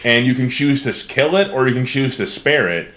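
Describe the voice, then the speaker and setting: A man co-hosting a podcast in casual chat, excited and profane, slipping into voices for game characters. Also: mid-range voice, fairly quick. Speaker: podcast co-host.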